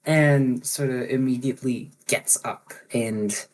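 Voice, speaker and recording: A man narrating as game master of a tabletop game online, halting often with ums and restarts. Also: mid-range voice, a little mellow, poor audio. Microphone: online voice chat microphone.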